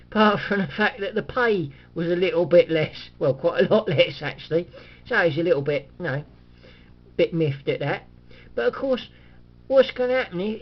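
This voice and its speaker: A man's voice: high voice, lo-fi sound. A man rambling in a casual monologue, chatty and cynical, chuckling often and restarting his sentences. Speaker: vlogger.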